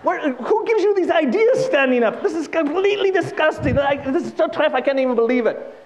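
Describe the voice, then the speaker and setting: A man's voice: very high-pitched, animated, brisk, voice pushed up. A man voicing a scandalized rabbi scolding a young man, in a joke told on stage. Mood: outraged. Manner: outraged scolding. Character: scandalized old male rabbi.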